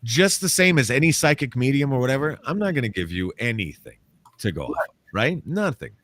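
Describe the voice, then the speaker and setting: A man, a paranormal author and interview guest, telling a story in a casual, animated way and acting out the quotes. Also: medium pitch, fairly quick, no echo. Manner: animated, acts out quotes, laughs often.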